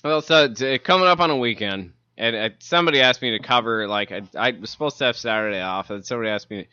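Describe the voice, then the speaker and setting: A man's voice: mid-range voice, quick pace, pushed and bright, clear, resonant tone, no room sound, muffled recording. A middle-aged man chatting casually, rambling and correcting himself as he tells a story, often laughing. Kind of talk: casual chat.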